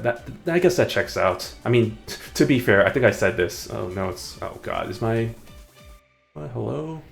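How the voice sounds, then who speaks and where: Gravelly low-voiced male game streamer. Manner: rambling, muttering to himself, chuckling. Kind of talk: casual live gameplay chat.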